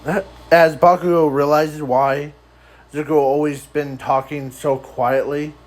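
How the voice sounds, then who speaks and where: A man improvising a fan story aloud in a rambling, halting way, often trailing off. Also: on the high side, level tone, poor audio.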